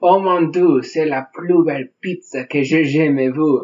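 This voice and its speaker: A man's voice: on the high side, moderate pace, a little mellow, lo-fi sound, lightly acted. A man putting on an exaggerated French voice to play a gushing male food lover.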